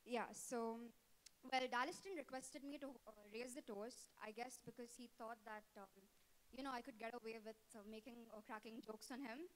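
A woman's voice: on the high side, fairly even intonation, moderate pace, low-quality recording. Giggly teenage woman giving a wedding toast. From Dubai. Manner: giggly, teasing, many fillers. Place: indoor reception hall. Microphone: handheld microphone.

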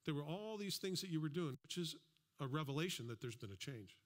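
A man's voice: fairly high pitch, lively intonation, a little fast. A man preaching a sermon as a pastor, in a conversational style with asides and acted-out quotes. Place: church.

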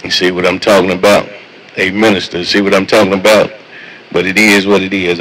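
A man's voice: low voice, level tone, fairly quick, fairly bright tone, poor audio. A man talking with fellow truckers over CB radio in a laid-back, slangy way, repeating his catchphrases. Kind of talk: casual CB radio chat.

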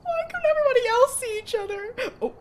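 A woman's voice: very high-pitched, animated, fast talker, slight background noise. A woman streamer chatting playfully with friends while gaming, laughing often. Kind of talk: casual chat while gaming.

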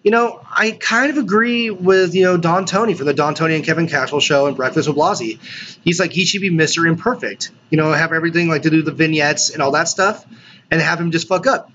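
Excited swearing man on a lo-fi podcast. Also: fairly high pitch, brisk. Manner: excited, swears a lot, restarts sentences. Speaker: podcast host. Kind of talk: casual solo podcast commentary. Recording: dull lo-fi sound with faint noise.

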